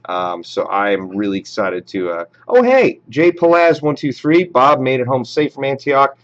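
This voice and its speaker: Man, live stream host, casual chat, reads shout-outs, dull lo-fi audio. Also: mid-range voice, very animated, moderate pace. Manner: reads viewer names and approves shout-outs, chatty with fillers.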